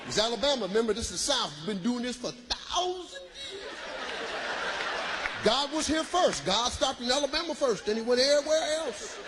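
Male stand-up comic from Michigan, very high voice, shouts the punchlines, noisy live room. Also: animated, fairly quick, a crowd in the background. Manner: loud, shouting punchlines, laughing through bits. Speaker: stand-up comedian. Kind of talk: stand-up comedy.

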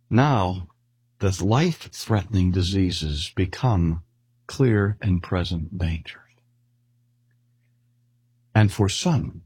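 An older man preaching a sermon, measured and deliberate, slowing down to stress key words. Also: sits low, a little mellow, breathy edge, no echo. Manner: measured, with slow emphatic pauses. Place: speaking at a cancer hospital.

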